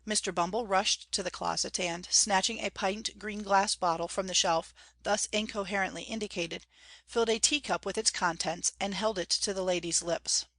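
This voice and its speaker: Woman, audiobook reader, measured classic narration, mid-pitched voice, dry close mic. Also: fairly even intonation, a bit bright, no echo.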